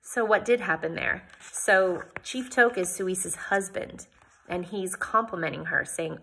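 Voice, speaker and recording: Bright, husky woman reading a novel. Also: on the low side, measured pace. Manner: expressive first-person narration. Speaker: audiobook reader.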